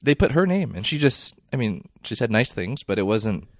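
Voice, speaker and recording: Podcast co-host, male, low lively voice, casual and giggly, dry close mic. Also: moderate pace, no room sound. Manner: animated, laughs often, trailing sentences. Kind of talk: casual chat.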